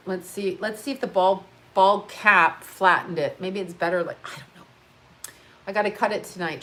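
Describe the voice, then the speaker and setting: A woman's voice: mid-range voice, pushed and bright. Rambling, profane woman on a livestream. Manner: rambling, profane, jumps between topics; laughs often while talking. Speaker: livestream host. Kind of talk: casual live-stream chat. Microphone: on-camera mic.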